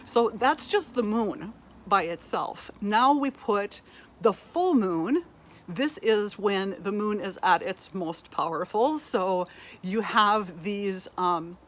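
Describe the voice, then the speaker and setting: A middle-aged woman, an energy healer and spiritual life coach, talking earnestly and reflectively in a spiritual energy update. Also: mid-range voice. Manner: earnest, reflective, with fillers and soft laughs.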